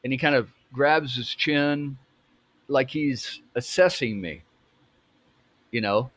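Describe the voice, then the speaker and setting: A man in his fifties telling a personal story in a halting way, with many restarts. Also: mid-range voice, fairly bright tone, no room sound. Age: 50s. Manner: halting, full of restarts and fillers. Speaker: storyteller recounting a memory.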